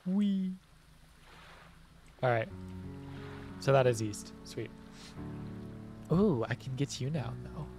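A male streamer talking his way through a game in a playful, joking manner, even chatting to the fish. His voice sits in an ordinary middle pitch. Faint game music plays in the background. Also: takes it slowly, pauses often. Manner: playful, jokey, talks to the fish. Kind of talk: casual gameplay commentary.

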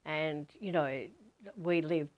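An Australian woman over fifty from Western Australia, telling a personal spiritual story in an animated way. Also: sits low, slow, lo-fi sound. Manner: animated, acts out quoted voices. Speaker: spiritual teacher.

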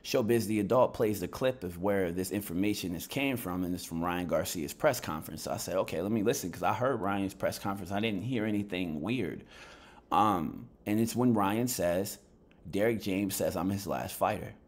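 A man's voice: low-pitched, moderate pace. A man fresh out of bed giving a heated, blunt vlog commentary on boxing, swearing freely as he rants. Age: adult. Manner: heated, blunt rant with profanity. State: just woken up, lower energy.

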